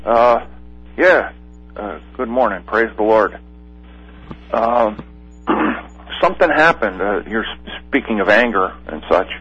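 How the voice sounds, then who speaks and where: A man calling in to a Christian talk radio show, telling a story in a rambling, halting way with many fillers. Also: fairly low pitch, expressive, breathy edge. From Pennsylvania. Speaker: caller. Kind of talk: call-in radio chat. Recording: dull lo-fi phone line.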